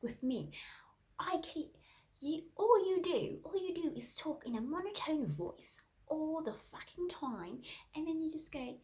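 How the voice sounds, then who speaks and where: A woman improvising a loud, mocking male entertainer who teases in a sing-song voice. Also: high voice, sing-song, unhurried. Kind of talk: improvised comedy.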